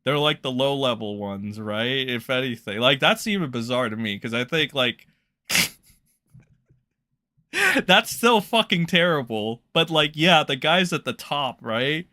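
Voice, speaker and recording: A man's voice: mid-range voice, normal speed, bright, forceful tone. A man doing casual livestream commentary, blunt and profane, rambling loosely as he reacts to chat. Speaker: streamer reacting to drama.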